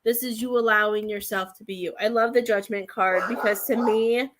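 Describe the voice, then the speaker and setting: Against a noisy background, a woman with a highish, steady voice and moderate pace reads tarot as a medium on a live stream. Rambling and hesitant, she keeps saying "I feel like," and her reading sometimes becomes emotional and teary.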